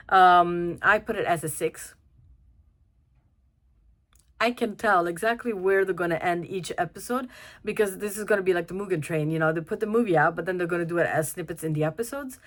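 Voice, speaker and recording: A young woman talks through a film review in a relaxed, chatty way. Her voice sits a little low, and she keeps circling back with fillers and restarts. She breaks into laughs as she goes. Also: normal speed. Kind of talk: casual spoken review.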